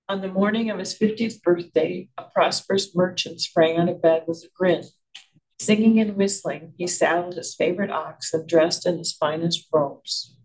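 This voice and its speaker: A man, a committee member, reading a folk story aloud at a meeting and reflecting on it in a measured, thoughtful way. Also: sits high, a little mellow, rough recording. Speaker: committee member giving the opening inspiration.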